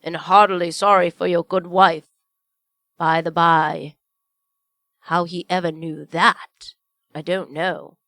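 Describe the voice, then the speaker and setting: Woman voicing Bob, a gentle loving father. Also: on the low side, level tone, slow pace, long pauses, dry recording, clean studio sound, exaggerated voice. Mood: cheerful. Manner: earnest, tender, emphatic. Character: kindly humble father, gentle and warm-hearted.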